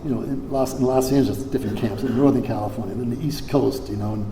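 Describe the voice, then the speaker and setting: A man's voice: mid-range voice, fairly even intonation, fast talker, noisy background. An older man from Hawaii speaking at a recovery convention, rambling with many fillers and restarts and some salty language. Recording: echoey hall, faint ambience.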